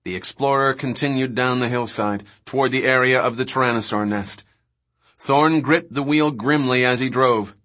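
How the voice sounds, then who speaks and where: A man narrating an audiobook in a steady, dramatic reading. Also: mid-range voice, normal speed. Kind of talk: scripted narration.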